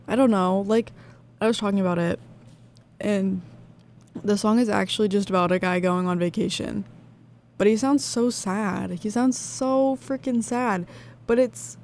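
A woman's voice: medium pitch, a little mellow. Lady dj just chatting between songs, kinda rambly, lots of ums, mid voice, a bit of noise behind. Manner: rambling, loose, many fillers and restarts. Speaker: radio DJ. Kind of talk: casual on-air chat between songs.

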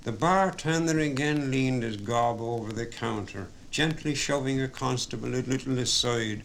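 A man narrating a story, reading in a measured storytelling manner. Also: medium pitch, gravelly, a bit bright, low-quality recording. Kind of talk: audiobook narration.

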